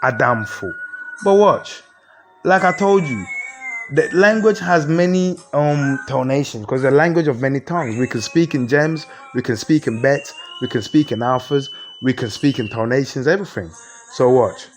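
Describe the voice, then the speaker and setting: A man's voice: medium pitch, moderate pace, soft background music. A man with a Ghanaian accent giving a comic mock lecture, explaining word by word and asking rhetorical questions. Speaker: comedian.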